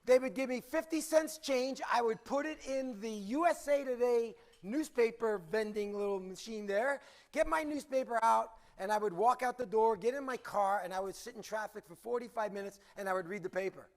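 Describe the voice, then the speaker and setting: A man with a high voice gives a lively conference talk. He tells a story in an animated way, throwing questions out to the audience as he goes. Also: moderate pace. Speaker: conference speaker. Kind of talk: storytelling presentation.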